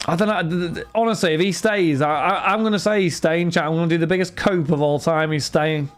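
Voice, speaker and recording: A man's voice: fairly high pitch, quick pace. A young man chatting casually on a live stream, reading out viewer messages and talking football with frequent restarts. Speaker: livestream host running card breaks. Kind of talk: casual livestream chat.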